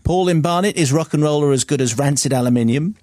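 A male radio presenter reads out listener messages quickly. His tone is wry and brisk. The studio sound is close and dry. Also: fairly high pitch, a little mellow, no room sound.

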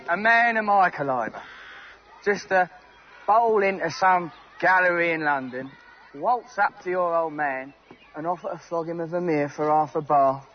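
An actor playing a cocky young wheeler-dealer who puts on a mock-posh voice in a film scene. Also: male voice, fairly high pitch, measured pace, slight background noise, lightly acted. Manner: brash, showy, mock-posh. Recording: dull film soundtrack from a distance.

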